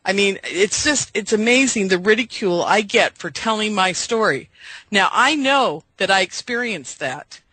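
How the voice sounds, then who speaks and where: A woman's voice: medium pitch, animated, moderate pace, fairly bright tone, slightly rough, no echo, low-quality recording. A middle-aged woman radio host, pleading emotionally with her listeners and addressing them directly. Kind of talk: impassioned monologue to listeners.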